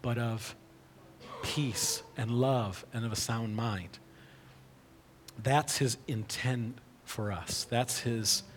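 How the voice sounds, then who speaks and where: A man preaching a sermon in a conversational way, often checking in with "right?". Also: fairly low pitch. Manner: conversational, frequent "right?" asides. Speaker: pastor. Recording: long hall reverb.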